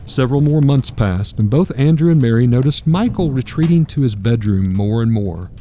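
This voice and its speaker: A man narrating a dark story in a measured, grave manner. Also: mid-range voice, expressive, a little hiss or hum.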